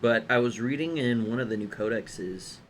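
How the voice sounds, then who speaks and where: A man hosting a casual chat, telling a rambling, animated story with quick voiced asides. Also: mid-range voice, soft background music. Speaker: host.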